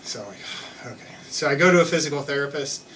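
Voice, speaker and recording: A man's voice: fairly high pitch, animated, quick pace, a bit bright, distant mic, slight background noise, poor audio. A young man telling a personal story on stage in a loose, self-mocking way, full of restarts and fillers. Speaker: live storyteller. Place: theater stage with an audience.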